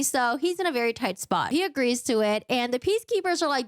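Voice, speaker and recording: A woman's voice: a little high, big pitch swings, a little fast, few pauses, dry recording, studio quality. A woman giving a chatty, casual book recap with frequent asides and fillers.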